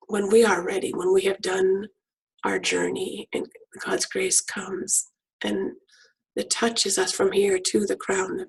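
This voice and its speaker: Breathy, gravelly woman leading slow meditation. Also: mid-range voice, low-quality recording. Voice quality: soft, half-whispered delivery. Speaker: meditation and prayer leader. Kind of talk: guided prayer meditation.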